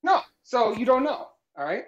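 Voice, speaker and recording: Sing-song and very high-pitched at a moderate pace, a man co-hosts a jokey live cooking stream. He explains absurd facts in a mock-authoritative tone, tacking "all right?" onto his lines, over slightly dull lo-fi audio.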